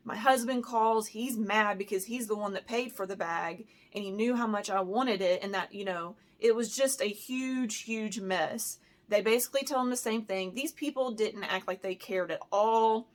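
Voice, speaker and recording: A woman's voice: medium pitch, normal speed, few pauses. A woman from the United States telling a storytime in a casual vlog, heated and emotional, with lots of "like" and "you know". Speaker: handbag vlogger.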